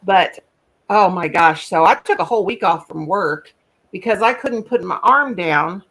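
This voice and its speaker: A woman's voice: lowish voice, expressive, fairly bright tone. A woman hosting a live stream, chatting casually and telling a rambling story. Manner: rambling storyteller, quick asides, folksy. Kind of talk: casual chat.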